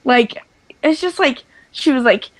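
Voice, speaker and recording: High-voiced joking woman co-host. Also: animated, unhurried, fairly bright tone, rough recording. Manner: joking, swears freely, laughs often. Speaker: podcast co-host. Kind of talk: casual chat.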